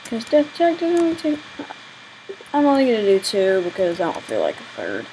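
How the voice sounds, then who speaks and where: A woman's voice: mid-range voice, huge pitch swings, normal speed, warm tone, a little hiss or hum, low-quality recording. A young woman giving chatty, exasperated commentary on her own gameplay, exclaiming often. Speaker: gaming channel host.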